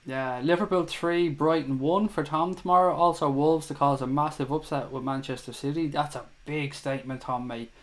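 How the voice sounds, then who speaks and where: A man's voice: on the high side, moderate pace, hardly any pauses. A man hosting a fan chat show livestream, talking casually and with feeling to his viewers and reading out their comments. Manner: chatty, emotional, reads viewer comments aloud.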